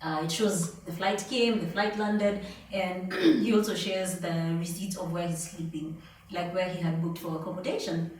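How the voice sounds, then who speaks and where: Recorded from a distance in an echoey room with a little hiss or hum, this podcast host spins a long, chatty, casual story and quotes dialogue along the way. Her lowish voice keeps a steady tone, a moderate pace, and a darkish color.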